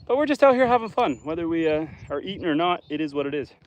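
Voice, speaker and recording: A man's voice: on the high side, big pitch swings, fast. A man from northern Canada, a homesteader livestreaming outdoors by a lake, chatting casually with viewers and joking while he fishes. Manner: chatty, joking, talks to chat while fishing. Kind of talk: casual live stream chat.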